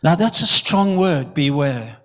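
A man's voice: a little high, animated, measured pace, fairly bright tone. A man from Zimbabwe, preaching an earnest sermon and often repeating words for emphasis.

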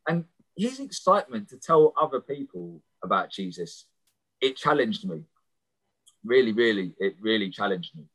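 A prison missionary preaches a sermon woven with personal testimony, telling stories in an earnest, conversational way and often repeating words as he starts a phrase. His fairly low voice is very animated, fairly bright, and at normal speed. The recording is rough.

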